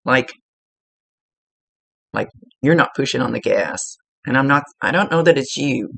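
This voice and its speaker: Sitting indoors at a table, a woman psychic medium gives a client a casual spoken reading, chatty and blunt, laughing often and swearing casually. Her bass voice is gravelly and husky, and the sound is close and dry with no room sound around it.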